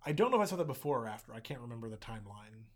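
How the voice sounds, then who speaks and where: A young man co-hosting a casual podcast chat, relaxed and full of fillers, with dry humor. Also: medium pitch, rapid-fire. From Texas. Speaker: podcast co-host.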